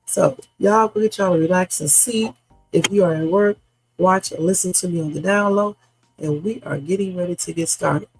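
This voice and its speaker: A hoarse man hosts a late-night news-reaction livestream, chatting straight to his viewers with rambling asides. His slightly high voice is gravelly and raspy. The sound is dry and close, with faint music underneath. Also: dry recording, low-quality recording. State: hoarse from a sore throat. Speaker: livestream host. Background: background music.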